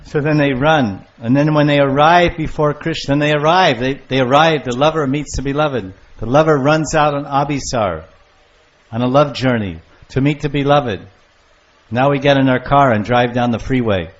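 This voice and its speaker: An older man giving a devotional lecture on scripture, storytelling with lively acted-out voices. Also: medium pitch, normal speed. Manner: animated storyteller, acting out lovers' calls. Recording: muffled lo-fi lecture recording.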